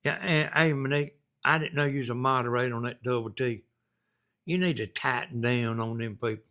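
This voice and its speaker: A man's voice: medium pitch, brisk, a bit bright. Folksy Southern man chatting on a live stream. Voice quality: folksy, rambling, chuckling. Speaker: live stream host reading viewer messages. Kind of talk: casual live stream chat.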